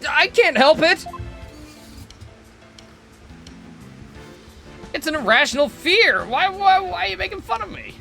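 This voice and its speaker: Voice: mid-range voice, measured pace, pushed and bright, faint music behind. A streamer voicing a nervous young male lawyer who is afraid of heights and stammers when scared. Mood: panicked. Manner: panicky, stammering.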